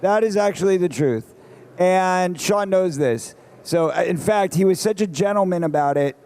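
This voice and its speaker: A man telling stories on a convention panel stage, lively and breaking into shouts. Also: sits high, moderate pace, smooth. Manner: animated storyteller, bursts into shouts. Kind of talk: casual panel chat.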